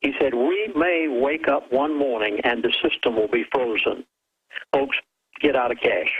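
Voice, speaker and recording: A man speaking as a guest on a radio show, slow and deliberate, stressing each quoted word. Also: mid-range voice, breathy edge, narrow, tinny audio. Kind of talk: phoned-in guest talk.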